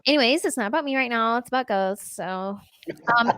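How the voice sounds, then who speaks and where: A woman's voice: on the high side, a little fast, fairly bright tone, clear, resonant tone. A woman hosting a live-streamed interview, bubbly and playful, laughing easily. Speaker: host.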